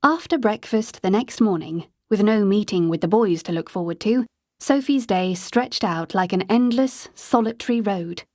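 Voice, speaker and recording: A woman reads an audiobook in a steady, measured way. Her voice sits at a middling pitch, and the recording is dry and close. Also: dry recording. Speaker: audiobook narrator. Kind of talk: scripted narration.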